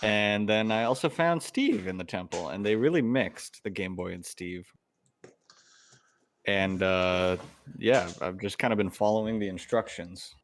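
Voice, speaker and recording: A man's voice: fairly low pitch, unhurried, slight background noise. A man playing in a tabletop role-playing game, jokey and offhand. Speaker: player. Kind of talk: casual in-character play.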